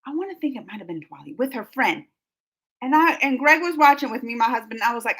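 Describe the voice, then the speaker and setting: A woman's voice: on the high side, lively intonation, fast, a bit bright. A woman from New Orleans with a Southern US accent, chatting casually as she reads her live stream chat aloud, laughing often and trailing off mid-sentence. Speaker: YouTube reaction host reading live chat.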